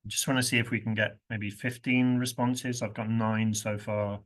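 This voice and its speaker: A man leads an interactive university workshop in a playful way, laughing often and acting out example phrases with stressed words. His voice is on the low side, with little pitch movement and a moderate pace.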